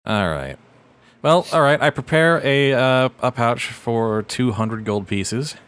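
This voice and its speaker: A man's voice: mid-range voice, animated, takes it slowly, fairly bright tone, smooth, no echo. A man playing a tabletop game, speaking in a dry, matter-of-fact way. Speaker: player. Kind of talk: casual tabletop play.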